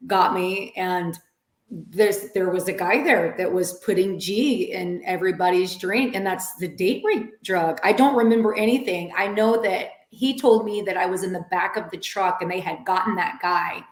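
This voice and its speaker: A woman co-hosting a live recovery talk, soft-spoken and moved while she shares her own club-night story. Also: lowish voice, moderate pace. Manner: soft-spoken, emotional listener. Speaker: co-host. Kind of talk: casual supportive chat. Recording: echoey room.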